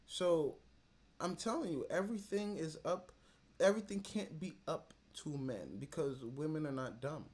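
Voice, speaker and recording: A man's voice: fairly high pitch, normal speed, a little mellow. A man hosting a reaction video, commenting and telling stories in a blunt, slangy way that swings between mumbling and sudden outbursts. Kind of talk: casual commentary and storytelling.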